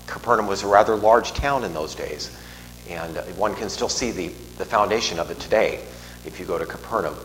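A middle-aged priest with a deep voice speaks a little fast as he delivers a homily in church, chatting loosely, wandering off topic, restarting and adding asides. The recording has the long reverb of a large church and a faint hum.

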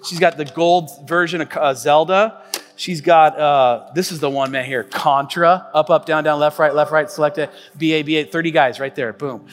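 A man in his forties, a pastor delivering a sermon in a relaxed storytelling way, full of fillers and restarts. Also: on the high side, normal speed, in a large hall. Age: 40s. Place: church stage.

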